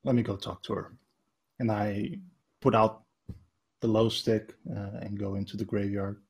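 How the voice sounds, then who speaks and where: Husky male player, low voice, voicing his sergeant with hesitant delivery. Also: flat delivery, a little slow, a little mellow. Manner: hesitant, filler-heavy speech. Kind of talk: playing a sergeant in a tabletop game.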